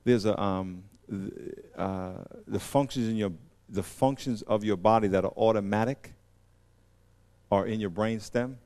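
A man preaching a sermon in a conversational way, with slang and acted-out voices, swinging between quiet asides and loud, emphatic peaks. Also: lowish voice, a little slow.

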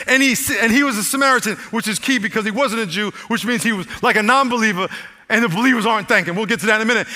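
A male pastor with a high, piercing and very bright voice, preaching from the pulpit. He moves between shouting and quiet, gentle asides. His voice carries a long reverb from a large church hall. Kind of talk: preaching a sermon.

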